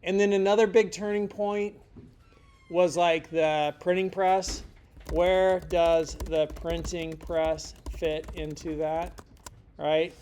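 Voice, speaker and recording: A man's voice: on the high side, flat delivery, takes it slowly, a little mellow, slight background noise. A middle-aged man teaching a casual lecture in a rambling, joking way, full of slangy asides. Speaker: instructor.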